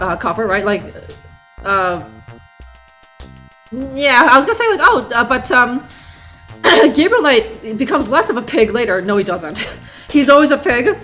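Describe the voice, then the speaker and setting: Over faint game music, a woman streamer gives rambling, sarcastic live commentary on a game and laughs as she goes. Her high, bright voice moves through a wide pitch range.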